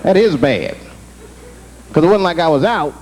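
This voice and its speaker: A young man doing a stand-up set on a club stage, telling stories in an animated way and slipping into character voices. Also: fairly high pitch, moderate pace, slight background noise, poor audio. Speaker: stand-up comedian. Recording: live comedy taping with audience. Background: crowd laughter.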